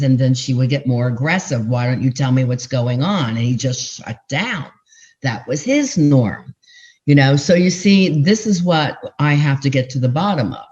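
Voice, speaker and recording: An older woman relationship coach explaining her methods to podcast hosts, telling stories animatedly with pitch jumps for emphasis. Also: darkish tone. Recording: dull, muffled sound.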